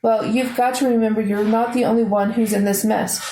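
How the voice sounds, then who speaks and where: A woman voicing a bossy teenage girl who takes charge, speaking brisk and matter-of-fact. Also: fairly high pitch, steady tone, mellow, reverberant, a little hiss or hum, lightly acted, rough recording. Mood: blunt.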